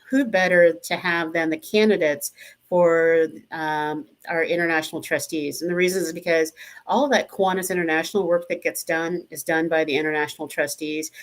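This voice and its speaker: Lower-voiced woman chatting over a video link. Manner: warm, chatty, with frequent ums. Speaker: district governor and co-host. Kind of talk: casual chat on a live show.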